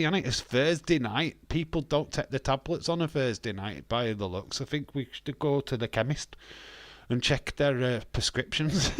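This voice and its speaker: A man's voice: mid-range voice, no room sound. A man hosting a live stream, reading out the chat and trading laughing, sweary banter.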